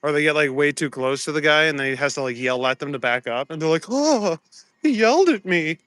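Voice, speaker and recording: A man's voice: mid-range voice, little pitch movement, fast, sharp tone, smooth. A man hosting a live stream as he walks outdoors at night, chatting loosely with viewers on his phone, greeting them and laughing easily. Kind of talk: casual live-stream chat. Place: outdoors at night, walking the streets. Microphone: phone camera.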